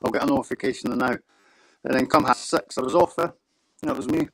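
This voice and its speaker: A man's voice: mid-range voice, fairly quick, vocal fry, a bit bright, no echo, low-quality recording. A man chatting casually as a guest on a livestream, laid-back and prone to repeating himself. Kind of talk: casual chat.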